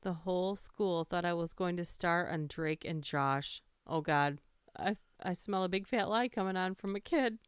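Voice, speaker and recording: Woman stream host, low-ish smooth voice, casual story reader. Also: moderate pace, no echo, clean studio sound. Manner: reads funny stories aloud, laughs and greets chat. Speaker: livestream host reading stories aloud. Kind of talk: casual livestream storytelling and chat.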